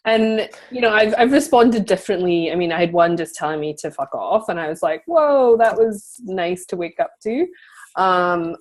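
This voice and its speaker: A woman hosting an interview, telling stories in a chatty, casual way with lots of fillers. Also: mid-range voice. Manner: chatty storytelling with frequent fillers and laughs. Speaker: podcast host interviewing a guest.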